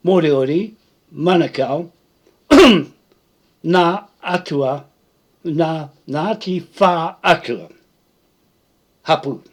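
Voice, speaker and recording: Slow, husky New man ranting. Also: on the high side. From New Zealand. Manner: repetitive, confrontational, tag questions like "Hmm?". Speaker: live video speaker. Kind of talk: rambling live-stream monologue.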